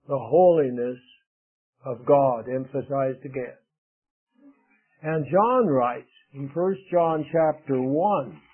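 A man preaching a sermon in an earnest way, with emphatic rises and quiet drops. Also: fairly high pitch, husky. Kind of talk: radio sermon. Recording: narrow phone-like radio broadcast.

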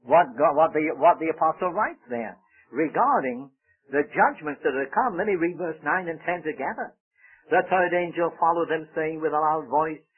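A man preaching a sermon, pleading and emphatic, rising loud when he quotes scripture. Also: a little high, husky. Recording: tinny phone-like old radio broadcast.

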